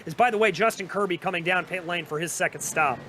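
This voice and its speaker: A man with a slight Southern US accent giving fast, energetic play-by-play commentary on a sim race. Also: high-pitched, slight background noise.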